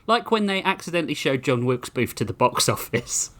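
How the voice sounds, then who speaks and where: Man, podcast host, comic story reading, lively swooping pitch. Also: fairly quick. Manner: animated, laughs while reading, does character voices. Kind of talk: comedic story reading with voices.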